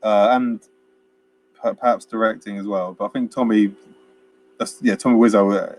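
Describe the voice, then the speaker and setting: A man's voice: lowish voice, fairly even intonation, moderate pace, darkish tone, slight background noise. Rambling, chuckling man chatting about a film. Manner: chatty and rambling, laughs often, acts out scenes. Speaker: film podcast co-host. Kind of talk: casual chat.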